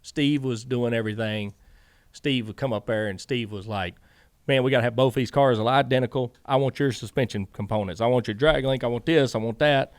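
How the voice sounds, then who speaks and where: A man tells stories in a relaxed interview and slips into other people's voices as he quotes them. His voice sits at an everyday middle pitch. The recording is dry and close, with no room sound. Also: brisk, no echo. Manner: animated, acts out other people's lines. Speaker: guest. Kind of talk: storytelling in a casual interview.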